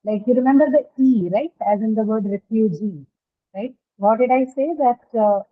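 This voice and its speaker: A woman's slightly high voice, moving at a moderate pace, leads an online English class focused on word stress. She asks the students questions, checks on them often with "right?", and remains patient. The audio sounds tinny, like a phone call.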